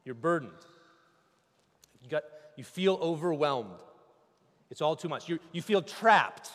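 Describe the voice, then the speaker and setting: A man preaching a sermon as pastor, swinging from loud cries to hushed, intimate speech. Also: a little high, expressive, measured pace, in a large hall.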